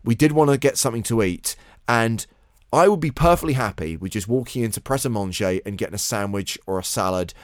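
A man co-hosting a poker podcast, recapping events in a measured, wry way. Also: on the low side, animated, no echo, studio quality. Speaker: poker show co-host. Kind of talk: casual podcast chat.

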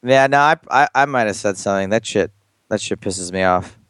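A man co-hosting a podcast, telling a story in a loose, animated way full of fillers and restarts. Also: on the low side, fairly quick, clean tone, no echo. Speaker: podcast co-host. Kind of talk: casual storytelling chat.

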